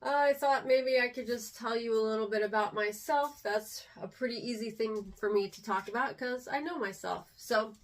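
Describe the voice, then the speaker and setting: A woman's voice: on the high side, moderate pace, few pauses. A woman in her forties, originally from Texas, talks casually to her viewers. She meanders through her thoughts with plenty of ums and trailing asides. Her voice sits a little back from the microphone. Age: 40s. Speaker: vlogger. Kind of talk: casual chat to camera. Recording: voice a little distant from the mic.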